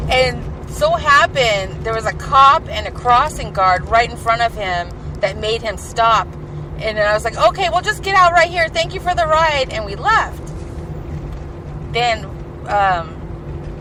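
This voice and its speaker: A woman telling rambling personal stories in a chatty way, full of "like" and "um", while she drives. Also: fairly high pitch. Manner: chatty, filler-heavy with frequent "like" and "um". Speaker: podcast host. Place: inside a moving car. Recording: car road noise behind voice. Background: car and traffic noise.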